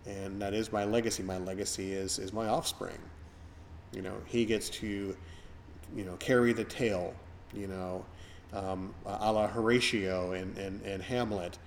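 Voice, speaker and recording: A man's voice: on the low side, fairly even intonation, a little slow, a little hiss or hum. A middle-aged man hosting a podcast, talking in a rambling, reflective way with lots of fillers. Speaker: podcast host. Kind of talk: casual podcast chat.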